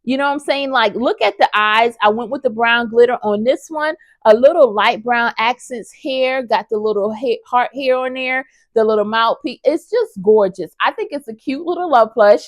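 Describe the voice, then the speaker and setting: A woman with a fairly high voice chats casually through a crochet review, enthusiastic and addressing her viewers directly. The sound is close and dry. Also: normal speed, hardly any pauses, dry recording. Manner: chatty and enthusiastic, talks straight to viewers as y'all. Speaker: crochet vlogger.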